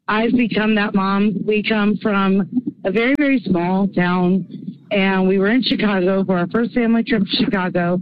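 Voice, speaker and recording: A woman's voice: mid-range voice, steady tone, moderate pace. A woman from Oklahoma leaving a rambling, self-mocking voice message for a radio show. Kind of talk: casual voicemail story. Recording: muffled phone-app message.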